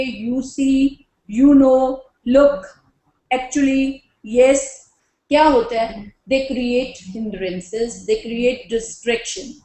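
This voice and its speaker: Indian lady teaching a lecture, high voice, slow and careful, mixes hindi bits in, echoey room. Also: darkish tone. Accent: Indian English. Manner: deliberate, mixes Hindi phrases into English. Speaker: teacher trainer. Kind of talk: lecture on classroom communication.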